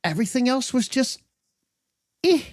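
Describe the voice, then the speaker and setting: Lively blunt podcast co-host. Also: sits high, normal speed. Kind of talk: casual chat.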